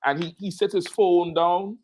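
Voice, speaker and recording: A man's voice: high-pitched, steady tone, a little slow, a little mellow. A man hosting a casual talk show, telling a story with energy and acting out the quotes in it. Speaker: show host.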